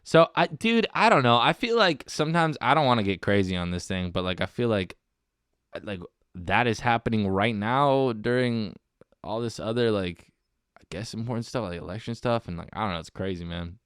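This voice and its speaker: A man's voice: fairly low pitch, expressive, moderate pace, a bit bright, smooth, no room sound, clean studio sound. A man hosting a casual solo comedy podcast, rambling and meandering, with lots of "dude" and "man.". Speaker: podcast host.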